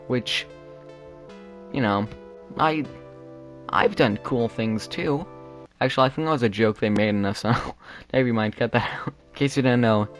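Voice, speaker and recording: Young male commentator, sarcastic rambler, mid-range voice, faint music underneath. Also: mid-range voice. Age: teens or young adult. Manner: rambling, sarcastic, with frequent fillers and restarts. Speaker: YouTube commentator. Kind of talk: casual comedic commentary.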